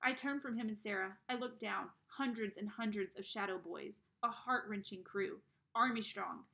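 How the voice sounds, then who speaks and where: A woman reading a novel aloud, narrating in the first person in an expressive, dramatic way. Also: mid-range voice, moderate pace, gravelly. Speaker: reader.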